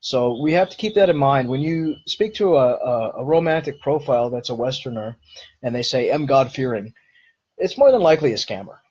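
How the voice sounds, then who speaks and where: A man's voice: medium pitch, expressive, a little fast, a little mellow, husky, highs cut off. A man hosting a live-streamed Q&A, answering viewer questions in an earnest, explanatory way.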